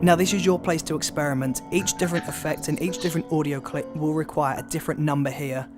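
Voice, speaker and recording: A man's voice: fairly high pitch, fairly even intonation, fast. A man hosting a casual video-editing tutorial, upbeat and explaining step by step. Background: background music.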